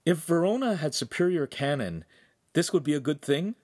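An earnest, quick-witted young man, as a male reader puts him on for an audiobook. He talks with eager, pleading conviction, pitched a touch above the narration. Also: animated, darkish tone. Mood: persuasive. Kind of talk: audiobook character voice.

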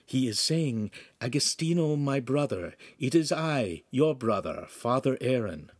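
A man voicing a quiet voice in someone's ear that whispers translations. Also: medium pitch, expressive, a little slow, no room sound, voice pushed up. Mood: hushed.

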